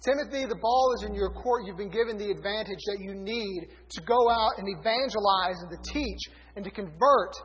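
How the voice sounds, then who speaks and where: High-voiced preacher in an echoing hall. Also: male voice, normal speed, few pauses. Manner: conversational, self-correcting, reads scripture aloud. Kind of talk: sermon. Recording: dull lo-fi recording in a reverberant hall.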